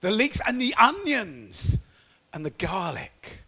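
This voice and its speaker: A man's voice: high voice, sing-song, slow, pushed and bright, husky, full character voice. A man voicing the grumbling Israelites, who moan in a whiny, wistful way. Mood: whining. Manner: whiny, nostalgic moaning.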